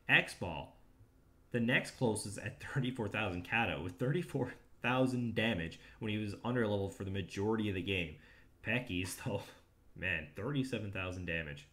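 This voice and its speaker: A man giving steady play-by-play commentary on an esports match. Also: fairly low pitch, normal speed. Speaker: esports caster.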